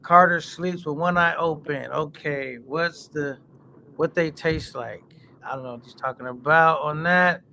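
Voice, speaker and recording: A man's voice: on the high side, measured pace, creaky, sharp tone, a little hiss or hum. A man hosting a casual livestream, bantering in slang and reading out viewer comments. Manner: laid-back slangy banter, reads chat comments. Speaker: livestream host.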